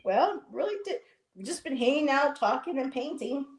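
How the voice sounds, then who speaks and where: A woman's voice: high-pitched, expressive, moderate pace. A woman in her fifties hosting a casual livestream while painting, chatting in long rambling anecdotes and laughing often. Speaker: livestream host. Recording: echoey room.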